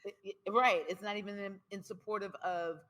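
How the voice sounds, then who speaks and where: Here a woman poet of the spoken word kind is interviewed, answering openly at medium pitch and ordinary speed. Repeated phrases lend her speech rhythm, and she sounds emphatic and expressive throughout.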